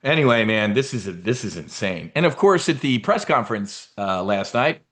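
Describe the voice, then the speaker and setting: A man's voice: on the low side, animated, normal speed, a bit bright. A middle-aged man hosting a live investing briefing, talking casually with blunt, swearing asides and rambling restarts.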